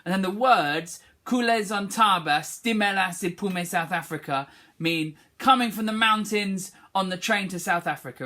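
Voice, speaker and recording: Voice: medium pitch, pushed and bright. A music teacher leading an online singing lesson for schoolchildren, encouraging and demonstrating phrases for the class to repeat.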